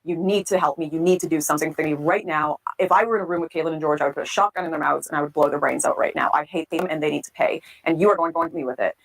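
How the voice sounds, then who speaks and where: A woman's voice: low voice, fairly even intonation, racing, vocal fry, few pauses, poor audio. A woman quoting a wheedling, scheming man. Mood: angry. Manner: wheedling, coaxing, pushy. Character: fawning, scheming man, pleading then menacing.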